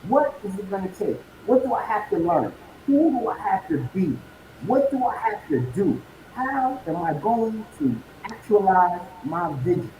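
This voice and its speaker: A man giving a motivational talk as a podcast guest. He fires off rhetorical questions and builds from calm to fiery like a preacher. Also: high voice, unhurried, roomy sound, slight background noise, poor audio. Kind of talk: motivational speech.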